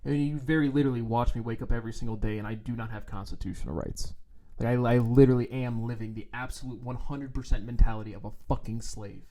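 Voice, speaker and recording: A man's voice: mid-range voice, quick pace, mellow, a little hiss or hum. A man on his trading vlog, talking in a blunt, profane and sarcastic rant, now and then mocking others in put-on voices. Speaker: trading vlogger. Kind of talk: ranting casual monologue. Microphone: own microphone, adjusted while talking.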